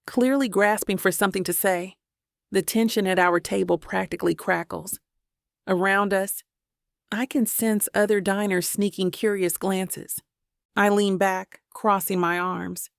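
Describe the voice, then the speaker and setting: Slightly gravelly woman narrating slowly. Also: medium pitch, steady tone, no echo, studio quality. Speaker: audiobook narrator. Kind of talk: scripted first-person narration.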